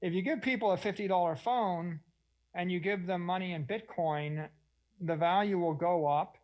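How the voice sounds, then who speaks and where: A man's voice: high voice, moderate pace, muffled recording. Enthusiastic man on a conference panel. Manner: enthusiastic, expansive, acts out quoted voices. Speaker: panel speaker.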